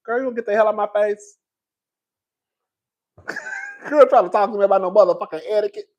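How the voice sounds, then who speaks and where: A young man giving sassy, dramatic reality TV commentary, swinging between loud outbursts and calm asides. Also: high-pitched, fairly quick, lo-fi sound. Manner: sassy, calls listeners girl. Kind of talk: casual reaction commentary.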